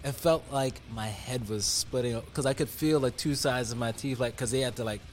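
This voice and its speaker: A man's voice: medium pitch, brisk, slight background noise. A young man in a casual group chat, telling rambling stories and swearing freely.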